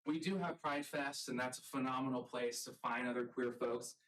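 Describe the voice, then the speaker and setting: A man from the rural South speaks earnestly as he presents his research, pausing often with ums. His voice sits at an ordinary middle pitch, and the mic picks him up from some distance across a lecture room. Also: fairly even intonation, fairly bright tone. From rural American South. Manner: earnest, halting, with frequent ums. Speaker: college art professor presenting research.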